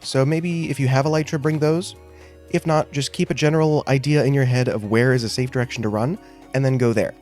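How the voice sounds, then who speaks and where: Guy chatting thru his game run, jokey, thinks out loud, faint music underneath. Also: medium pitch, steady tone, a little fast. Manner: chatty, self-joking, thinking aloud. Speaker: gaming video host. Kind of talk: casual gameplay commentary.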